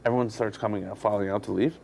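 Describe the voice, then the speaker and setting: Profane, animated male comedian. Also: fairly low pitch, rapid-fire, vocal fry, slight background noise. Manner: candid, profane, animated storytelling. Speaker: touring comedian guest. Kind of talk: casual storytelling.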